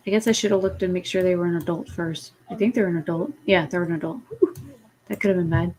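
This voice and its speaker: A woman's voice: lowish voice, quick pace, a little mellow, slightly rough. A woman streaming a life-sim game late at night, sleepy and rambling, chatting casually and swearing now and then. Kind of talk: casual gameplay chat.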